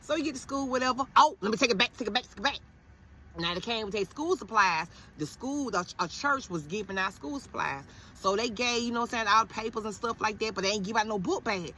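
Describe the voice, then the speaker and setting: Animated, profane woman telling a story. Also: a little high, a little hiss or hum. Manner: animated, profane, quick to quote others. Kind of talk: casual storytime.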